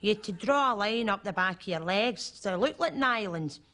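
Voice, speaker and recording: A woman's voice: medium pitch, animated, a little fast, a bit bright, close to an everyday voice. An actress playing a cheeky, bawdy older Glasgow woman, recalling the wartime years. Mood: reminiscing. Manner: frank, bawdy, chatty.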